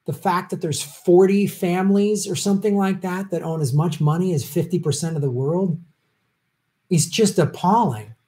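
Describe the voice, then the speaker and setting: A man's voice: high-pitched, moderate pace, dark tone. A man hosting a casual livestream, answering viewer questions in a rambling way with many filler sounds and jokey asides.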